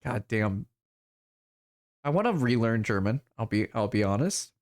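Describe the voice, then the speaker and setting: A man's voice: lowish voice, very animated, a little slow, a little mellow. A man streaming a game, talking casually, swearing freely and poking fun at himself. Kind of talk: casual let's-play commentary.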